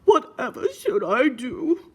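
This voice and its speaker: A woman doing a loud, drawn-out brother piggy. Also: sits high, big pitch swings, slightly rough, voice pushed up, full character voice. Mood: playful. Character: young brother pig, whiny then bold.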